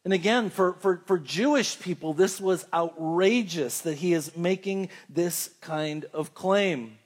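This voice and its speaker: A man preaching a sermon, telling Bible stories in a conversational way and reading scripture slowly. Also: sits high.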